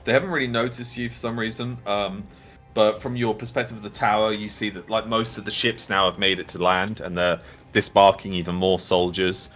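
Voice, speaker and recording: Low-voiced man running a tabletop game. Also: flat delivery, fairly quick, fairly bright tone. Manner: rambling, full of fillers. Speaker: game master.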